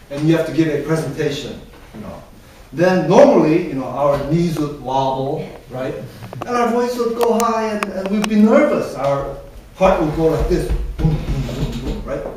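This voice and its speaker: A man's voice: on the high side, a little mellow. A male professor giving a conversational classroom lecture, often checking in with his students. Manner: conversational, keeps checking in with "right?". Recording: very echoey classroom, mic far off, faint hiss.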